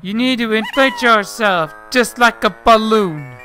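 A man's voice: high-pitched, lively intonation, unhurried, pushed and bright, soft background music. A man giving casual let's-play commentary, chatting away, scolding the game characters and swearing mildly. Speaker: gameplay commentator.

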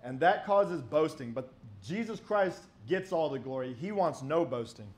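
A man with a notably high-pitched voice delivers an emphatic, argumentative sermon. He poses rhetorical questions and reads old-style scripture passages aloud. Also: animated, normal speed, darkish tone. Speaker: preacher.

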